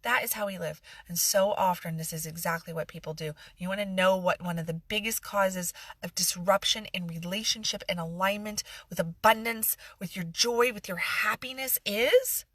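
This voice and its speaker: Middle-aged woman coaching on a phone livestream, bright punchy voice, dry sound, kinda sarcastic and emphatic. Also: mid-range voice, normal speed, few pauses, no room sound. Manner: passionate, sarcastic asides, emphatic repetition. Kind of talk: live-streamed motivational talk.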